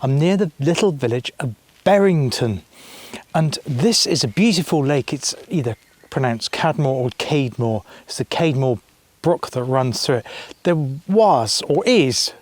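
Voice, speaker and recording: Guy rambling through a travel vlog outside, mid-pitched voice, chatty, keeps fixing his words, dry close sound. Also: expressive, measured pace, dry recording. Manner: rambling, self-correcting, chatty. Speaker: travel vlogger. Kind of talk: casual vlog narration. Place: outdoors by a quiet lake.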